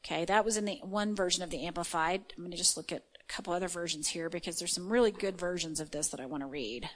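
A woman's voice: on the low side, fast talker, rough recording. A woman giving an informal sermon, chatty and full of fillers, reading scripture and checking in with her listeners. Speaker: preacher.

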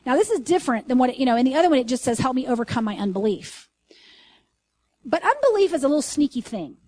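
A woman teaching a sermon in an earnest, conversational way, asking her listeners questions and reading scripture slowly with emphasis. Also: sits high, big pitch swings, a little mellow, no room sound. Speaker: Bible teacher.

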